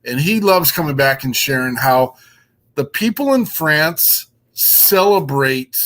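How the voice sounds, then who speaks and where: A man's voice: mid-range voice, fairly bright tone. A man hosting a casual show, enthusiastic and rambling, with many ums and uhs. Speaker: podcast host.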